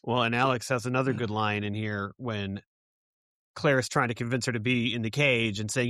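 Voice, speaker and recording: A man's voice: medium pitch, fairly even intonation, moderate pace, fairly bright tone, no echo. Male co-host, mid-range voice, easygoing storyteller, dry close mic. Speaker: podcast co-host. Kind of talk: casual chat.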